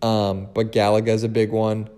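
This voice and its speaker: A man's voice: lowish voice, monotone, moderate pace, mellow, smooth. Rambling young man with a lisp. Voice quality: slight lisp. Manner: rambling, restarts often, casual swearing. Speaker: podcast host. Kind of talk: casual solo chat.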